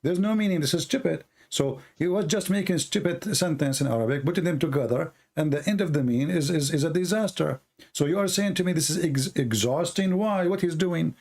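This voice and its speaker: Blunt, sarcastic man with a gravelly voice. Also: fairly high pitch, a little fast, a little mellow. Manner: blunt, sarcastic, presses the caller with repeated questions. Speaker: debate host. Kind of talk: live call-in debate.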